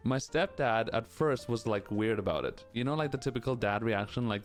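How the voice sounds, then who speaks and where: A man's voice: medium pitch, a little fast, hardly any pauses, faint music behind. A man streaming and answering chat questions in casual, rambling chat, candid and full of "like" and "you know".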